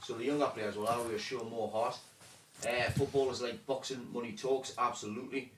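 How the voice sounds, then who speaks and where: A man's voice: medium pitch, fairly even intonation, a little fast, a little hiss or hum. A man co-hosting a casual football podcast, chatting and reading out viewer comments. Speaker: podcast co-host.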